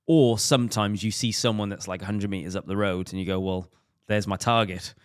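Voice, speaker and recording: A man's voice: lowish voice, fast talker, dry recording, clean studio sound. A man hosting a podcast, chatting casually and laughing easily. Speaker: podcast host.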